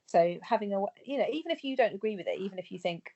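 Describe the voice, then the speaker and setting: Woman co-host, casual and chatty, laughs easily, mid-pitched. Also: animated, racing, warm tone, lo-fi sound. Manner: chatty, laughs often, self-mocking. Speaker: podcast co-host. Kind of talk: casual chat.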